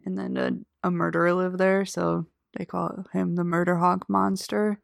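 A woman's voice: fairly low pitch, level tone, moderate pace, creaky, dry recording, clean studio sound. A woman co-hosting a casual wrestling chat, riffing playfully and laughing often. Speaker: podcast co-host.

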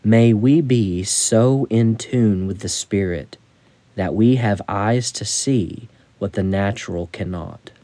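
Guy reading his own devotional book real slow, lowish mellow voice, dry close sound. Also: dry recording. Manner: slow, measured, deliberate reading.

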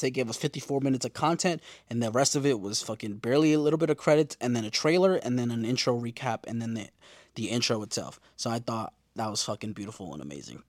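Young male recap host, casual and profane, mid-pitched voice, dry close sound. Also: no echo. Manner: slangy, profane, animated storytelling.

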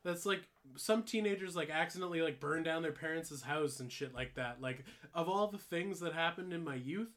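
A man's voice: a little high, moderate pace, few pauses, a bit bright. Rambling young man telling a story. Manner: rambling, full of "like" fillers, laughs while telling stories, swears freely. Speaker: podcast co-host. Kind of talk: casual storytelling chat.

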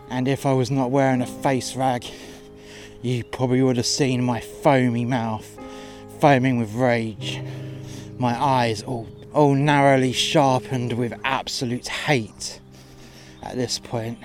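A man's voice: medium pitch, flat delivery, slow. A man narrating a furious, profane monologue rant about his work on the door. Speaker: podcast narrator, door staff. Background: guitar music.

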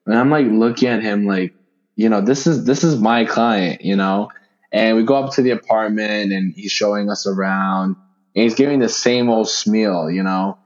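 A young man telling a story in casual chat, relaxed and full of "you know" fillers. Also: on the low side, moderate pace. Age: young adult. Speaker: podcast co-host. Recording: dull lo-fi sound.

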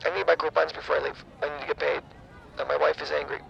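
A man's voice: fairly high pitch, flat delivery, fast, creaky, fairly bright tone, muffled recording, a little hiss or hum. A man producing a comedy podcast who chimes in with silly, whiny nonsense. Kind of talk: improvised comedy podcast banter.

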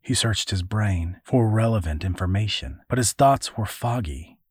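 A man narrating an adventure story in a measured, even audiobook reading. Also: lowish voice, slightly rough, dry recording, clean studio sound.

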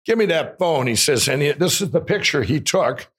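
A man with a slightly raised pitch tells a long personal story as an interview guest. He talks in an animated way, stumbles into restarts and acts out the voices of the people he quotes. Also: normal speed, husky.

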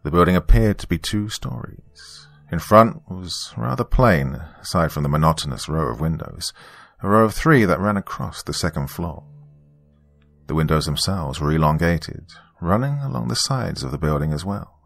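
Deep gravelly guy reading a creepy first-person story, lots of rise and fall in his voice. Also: animated, fairly bright tone, faint music behind. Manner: measured, descriptive, ominous. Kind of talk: scripted first-person horror story narration.

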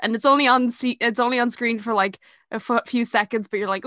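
A woman's voice: a little high, fairly even intonation, fairly quick, sharp tone, no echo, clean studio sound. A woman co-hosting a podcast, chatting casually about a TV episode, laughing easily and using fillers. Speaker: podcast co-host. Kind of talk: casual chat reviewing a TV episode.

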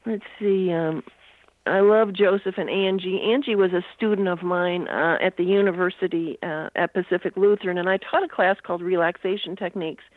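A woman's voice: fairly low pitch, fairly even intonation, normal speed. An older woman, a guest author, telling a long story in an interview and filling it with "you know" asides. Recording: tinny phone line.

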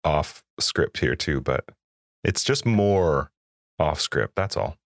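A man's voice: rumbling low, expressive, takes it slowly, no room sound, clean studio sound. A man hosting a gaming podcast, laid-back and joking, laughing easily between remarks. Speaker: podcast host. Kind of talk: casual chat.

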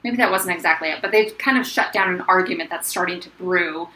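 A woman's voice: lowish voice, brisk, bright, forceful tone. A woman casually discussing a book, chatty, with many fillers and passages read aloud. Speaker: book podcast co-host. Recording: echoey room with faint noise.

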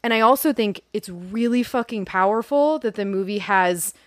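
A woman's voice: mid-range voice, lively intonation, normal speed, no echo, clean studio sound. A woman co-hosting a casual film review podcast, rambling and reflective, saying "like" a lot. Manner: rambling, reflective, says "like" often.

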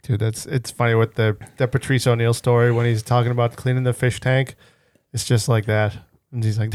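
A man's voice: medium pitch, flat delivery, brisk, a little mellow, dry recording. Teasing man on a podcast. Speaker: podcast co-host. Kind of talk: casual podcast banter.

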